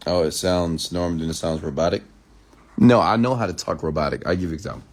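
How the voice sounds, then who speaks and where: A man hosting a late-night live stream, reading viewer comments aloud and answering them, who changes his pace and tone on purpose and sometimes slows into a measured news-anchor delivery. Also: sits low.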